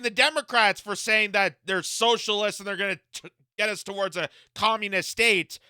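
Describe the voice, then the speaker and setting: A man's voice: high-pitched, moderate pace, sharp tone, clear, resonant tone, no echo. A man hosting a political reaction commentary, mocking and incredulous, often laughing at what he reacts to.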